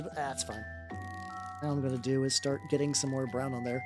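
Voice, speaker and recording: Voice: mid-range voice, quick pace, a little mellow, faint music behind. A streamer chatting casually while painting miniatures, rambling with many stammered restarts and casual swearing.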